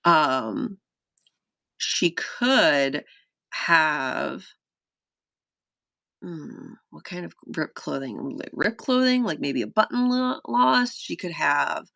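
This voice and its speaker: A woman streaming a playtest of her solo journaling game, talking casually to her chat, full of fillers, gasps and sudden bursts of excitement. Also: deep voice, takes it slowly, vocal fry, long pauses, dry recording. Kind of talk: casual live-stream thinking aloud.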